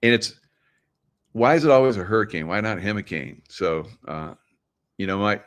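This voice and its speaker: A man's voice: fairly low pitch, lively intonation, normal speed, fairly bright tone. Rambling, conspiratorial man chatting live. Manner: rambling, conspiratorial, laughs often. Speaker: livestream host. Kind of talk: casual live chat to viewers. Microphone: computer mic, screen sharing.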